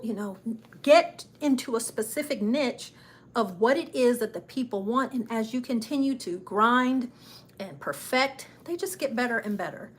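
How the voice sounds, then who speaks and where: A woman's voice: a little high, fairly bright tone. A woman hosting her own travel channel livestream, chatting and encouraging viewers in a casual, upbeat way with frequent laughs. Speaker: travel channel host and travel agent.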